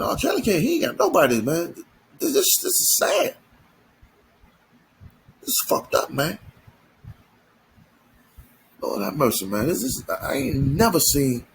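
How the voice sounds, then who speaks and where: A man's voice: medium pitch, slight background noise, poor audio. A man giving an emphatic, slangy commentary monologue, full of repeats and restarts. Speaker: commentary channel host.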